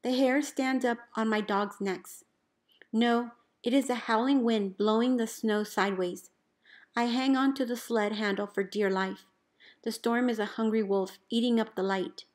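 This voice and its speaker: A woman, a teacher, reading a picture book aloud in an expressive storybook voice, calling out the commands with gusto. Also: fairly high pitch, measured pace. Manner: expressive, calls out dog commands loudly.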